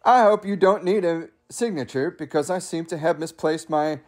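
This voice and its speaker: A mischievous stuffed dead raccoon put on by a man reading a story speaks in a high, squeaky voice. He sometimes drawls in a put-on snooty British accent. He sounds playful and clingy. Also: normal speed, close to an everyday voice.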